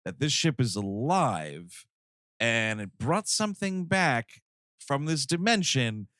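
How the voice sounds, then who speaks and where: A man co-hosting a comedy movie podcast, chatting casually and animatedly, acting out characters with big pitch jumps. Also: sing-song, slow, a bit bright, no room sound, studio quality. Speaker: podcast co-host.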